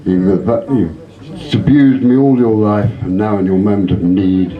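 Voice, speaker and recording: A man voicing a stern male God from heaven, speaking slowly and scolding, in a dull lo-fi recording. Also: lowish voice, lightly acted. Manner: slow and scolding.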